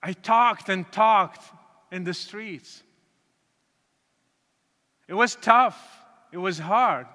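A man's voice: high-pitched, drawn-out words, pauses often, sharp tone, big-room sound. A man from Morocco, telling his own story in an earnest, emotional sermon testimony with many repetitions. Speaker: speaker giving his testimony.

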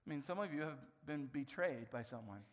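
A man in his thirties preaching a sermon as a pastor, telling family stories in an animated way and acting out the scenes. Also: a little high, fairly quick, long reverb tail.

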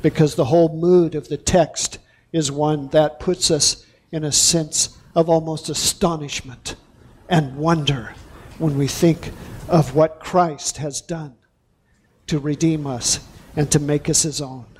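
A male pastor preaching a sermon, deliberate and emphatic, drawing out key words. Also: fairly high pitch, steady tone, a little mellow, a little hiss or hum.

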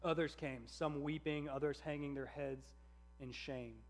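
A man reading a story aloud in a measured, earnest narration. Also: a little high, fairly even intonation.

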